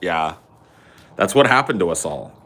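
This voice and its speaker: A man's voice: sits low, lively intonation, a little slow, pushed and bright. A man hosting a podcast in casual chat, joking, swearing a lot and laughing often. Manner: profane, jokey, laughs often. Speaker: podcast host.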